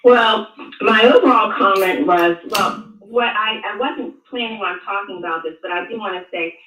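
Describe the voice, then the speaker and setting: An older woman, a guest, who speaks in a measured, halting way and often restarts her words. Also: medium pitch, a bit bright, a little hiss or hum. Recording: tinny phone-like line, echoey, far from mic.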